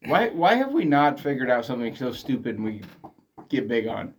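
A man guesting on a podcast talks fast in a relaxed, casual way. His voice sits a little back from the mic. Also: medium pitch, distant mic. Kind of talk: casual chat. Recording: voice a bit off-mic.

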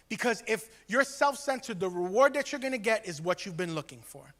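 A man delivers a sermon in a relaxed, conversational way, slipping into quoted voices as he makes his points. His voice sits high for a man. The sound carries a long reverb, as from a church sanctuary. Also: a little fast, hardly any pauses. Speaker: pastor.

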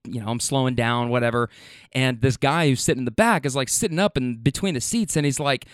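A man's voice: mid-range voice, brisk, smooth, no room sound, studio quality. A young man hosting a casual solo podcast, telling stories in a chatty way, often laughing and acting out what people said. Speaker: podcast host.

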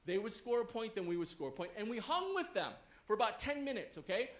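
Male pastor, high bright voice, lively storytelling sermon, roomy church hall sound. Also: quick pace, a little hiss or hum. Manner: animated, checks in with the audience.

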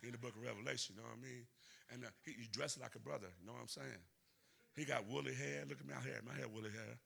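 A man's voice: mid-range voice, fairly even intonation, fast talker, creaky, a bit bright, slightly rough, pitched below the performer's own voice, heavily acted. A man with a Southern US accent voicing a cocky, streetwise young man who talks in drawling street slang. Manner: drawling street slang, lots of "you know what I'm saying".

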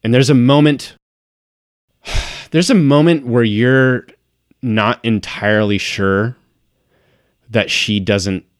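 A man running a tabletop game as game master, describing scenes and dropping to a hush at dramatic beats. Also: medium pitch, slow, pauses often, dry recording, studio quality.

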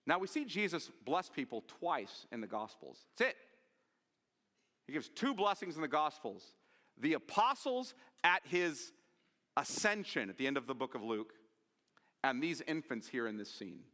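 Lively bright-voiced male preacher. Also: on the high side, normal speed, in a large hall. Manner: expository preaching with rhetorical questions and read-aloud scripture. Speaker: pastor. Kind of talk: sermon. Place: church sanctuary.

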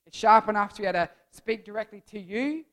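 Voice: medium pitch, quick pace, fairly bright tone. A young adult giving a casual, jokey youth sermon as a church speaker, rambling and playful.

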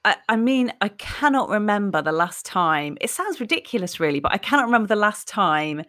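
A woman's voice: mid-range voice, big pitch swings, fairly quick, a bit bright. A woman in her forties, talking reflectively and candidly in a podcast conversation.

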